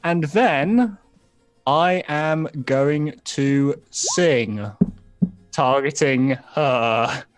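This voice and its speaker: Slow, hesitant man playing a tabletop game. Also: a little high, expressive, soft background music. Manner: hesitant, counting out moves aloud. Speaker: player.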